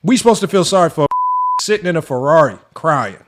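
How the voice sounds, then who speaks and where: Guy on a sports debate show going off, high-ish voice, keeps asking who's stopping him. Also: expressive, fairly quick, background noise. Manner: exasperated, mocking, repeats rhetorical questions. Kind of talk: heated commentary rant.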